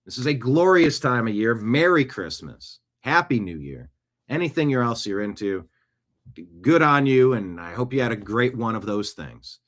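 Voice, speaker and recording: A man with a mid-pitched voice hosts a political talk show. He delivers his monologue with sarcasm and rambling, joking asides. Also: sing-song, moderate pace. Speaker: show host.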